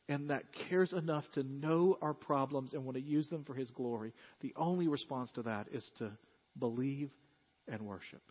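A man's voice: mid-range voice, moderate pace, slightly rough. A man preaching a sermon as pastor in a church, speaking earnestly and directly to his congregation. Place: church sanctuary. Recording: slightly dull lo-fi sermon recording.

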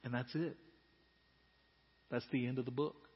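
Man, pastor, sermon, husky, slightly high voice, long hall echo, dull sound. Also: fairly even intonation, a little slow. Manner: earnest, builds from quiet to loud.

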